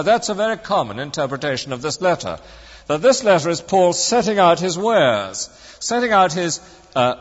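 A male preacher delivers a sermon in a chatty, dryly humorous manner, stressing particular words to make his point. His voice sits a touch high for a man. The sound is dull and lo-fi, with a long reverb trailing through the church. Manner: conversational, wry, leans on emphasis.

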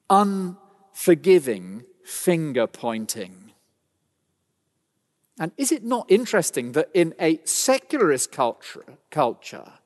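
Male preacher, fairly high and very lively voice, emphatic sermon delivery, long hall reverb. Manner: emphatic, rhetorical, dramatic pauses.

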